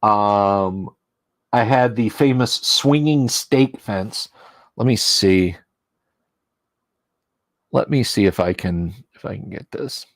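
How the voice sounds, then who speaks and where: A man with a lowish voice hosts a casual livestream as game master, speaking slowly and pausing often in a dry recording. He rambles in a chatty, self-deprecating way, his voice worn out from a full day of talking.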